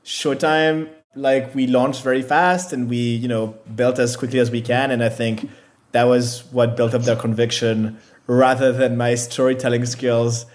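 Male founder guest, mid-pitch, halting delivery full of "like" and restarts. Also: flat delivery. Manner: hesitant, filler-heavy, self-deprecating. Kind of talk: casual interview answers.

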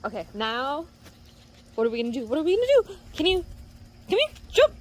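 A woman's voice: high voice, big pitch swings, fast talker. Playful woman coaching her pet through tricks. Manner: playful, coaxing, laughing. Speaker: pet owner. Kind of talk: casual pet training commentary.

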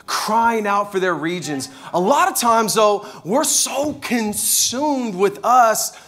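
A male pastor preaching a sermon, animated and passionate in his storytelling. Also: high-pitched, slow.

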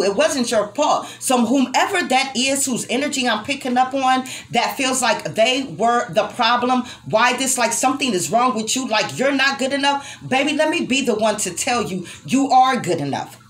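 A woman's voice: on the high side, a bit bright. A young adult woman giving an emotional tarot reading to her viewers, swearing freely and speaking tenderly to the listener. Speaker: tarot reader.

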